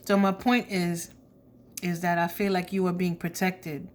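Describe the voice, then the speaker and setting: Slow, blunt-talking woman tarot reader. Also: lowish voice, little pitch movement. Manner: slow, blunt and chatty, slangy asides; drops to a soft whisper when asking spirit. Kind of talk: casual tarot reading.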